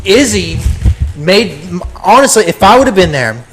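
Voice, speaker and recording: Man, podcast co-host, casual chat, laughs often, high pitch, very lively. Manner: laughing, quick reactions.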